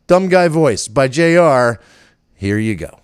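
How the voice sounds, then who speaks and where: A man's voice: mid-range voice, animated, slow pace, clean tone, dry recording, studio quality. An older man with a rural Virginia country accent, hosting a podcast in a rambling, casual chat with many fillers. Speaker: podcast host.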